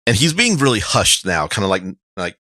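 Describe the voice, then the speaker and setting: A man's voice: on the low side, very animated, fairly quick, pushed and bright, dry recording. A man narrating as game master in a casual, rambling way.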